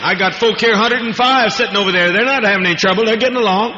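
A man's voice: high-pitched, fast, sharp tone, a little hiss or hum. A man preaching a fiery, profane, rambling sermon to a congregation in a large hall. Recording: echoey hall, dull lo-fi archival tape.

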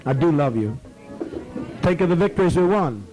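A man leading a gathering, who rambles, swears freely and gives orders, sometimes slowing into a drawn-out, soothing tone. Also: a little high, lively intonation, warm tone, faint music behind, rough recording. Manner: profane, commanding, rambling; slows to a drawn-out, soothing tone at times. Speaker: community leader addressing members.

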